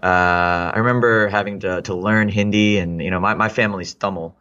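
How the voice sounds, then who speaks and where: A man's voice: deep voice, steady tone, normal speed, sharp tone, clear, resonant tone, muffled recording. A man in his thirties from Texas, a guest in a casual interview, reflecting aloud with many fillers and restarts. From Texas, United States.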